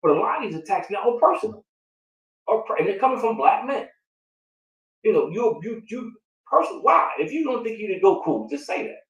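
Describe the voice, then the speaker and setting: A man's voice: sits high, fairly quick, far from the mic. A man in casual conversation, talking. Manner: animated, repetitive, rhetorical questions. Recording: roomy sound from off the mic.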